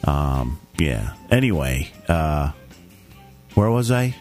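A man's voice: a bass voice, big pitch swings, slow pace, a little mellow, faint music behind. A man co-hosting a casual podcast, reading listener comments aloud in a jokey way and stumbling over the words. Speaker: podcast co-host.

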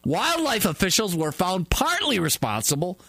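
Husky-voiced man reading spoof news. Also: sits high, wildly swooping pitch, moderate pace, sharp tone, dry recording. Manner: laughs through his jokes, exaggerated newsreader delivery. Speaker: comedy news anchor. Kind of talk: mock news reading with banter.

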